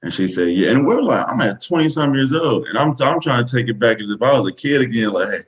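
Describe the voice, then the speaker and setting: A man's voice: mid-range voice, expressive, quick pace, lo-fi sound. A man with a Southern US accent, a podcast guest telling a story casually, rambling with many fillers. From Texas, USA.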